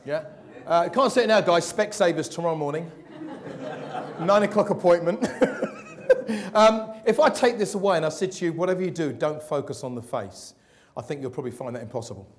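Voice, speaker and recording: A man's voice: fairly high pitch, brisk. A man giving a motivational keynote talk to a live audience, jokey and quizzing the crowd with questions. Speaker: keynote speaker. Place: event hall with an audience.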